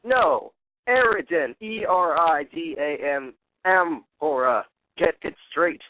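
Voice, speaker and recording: A man's voice: fairly high pitch, lively intonation, slow pace, a little hiss or hum. A male caller putting on a Texan drawl as a grumpy cartoon dad, indignant and insulting, over a phone line. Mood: angry. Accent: put-on Texan.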